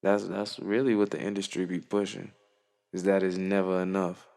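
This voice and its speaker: Low gravelly young man in an echoey room. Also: little pitch movement, moderate pace, darkish tone. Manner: slangy, profane, earnest. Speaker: musician vlogger. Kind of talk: reflective casual monologue.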